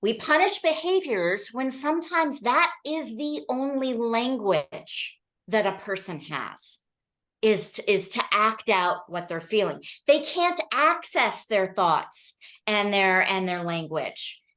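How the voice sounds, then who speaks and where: Speaking to an audience at a training session, a Colorado woman tells stories with animation and keeps checking in with "okay?" and "right?". Her pitch is medium and her pace slow.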